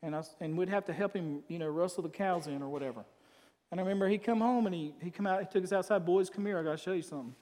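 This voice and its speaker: A man preaching a sermon as pastor, emphatic, swinging between loud declarations and quiet asides. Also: high-pitched, fast talker, long reverb tail.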